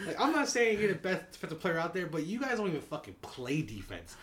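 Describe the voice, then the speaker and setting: A man's voice: on the high side, sing-song, fast talker, few pauses, a bit bright, a little hiss or hum. Profane, ranting man on a podcast. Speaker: podcast co-host. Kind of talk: casual sports chat.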